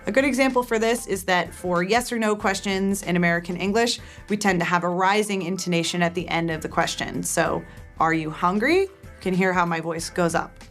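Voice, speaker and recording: A woman teaching in an explanatory video lesson, speaking clearly and addressing viewers directly in a friendly way. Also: medium pitch. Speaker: test prep teacher.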